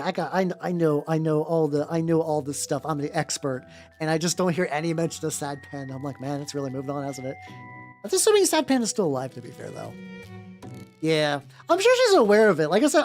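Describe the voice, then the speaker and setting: A woman's voice: on the low side, a little mellow. A woman VTuber chatting casually on a live stream while she paints miniatures, rambling with many fillers and self-interruptions, with what she calls a nerdy voice. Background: faint background music.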